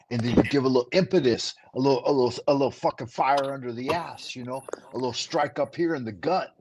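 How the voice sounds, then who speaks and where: A man's voice: mid-range voice, a little mellow, a little hiss or hum. A man hosting a casual chat, giving a profane, rambling pep talk over a remote call. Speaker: host.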